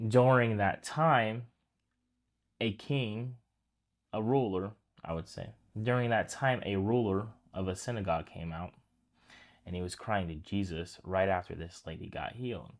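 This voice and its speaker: A man's voice: sits low, measured pace, long pauses. A man giving a casual, conversational sermon, retelling a story and talking straight to his listeners. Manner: conversational, addresses listeners as guys, restarts phrases. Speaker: preacher.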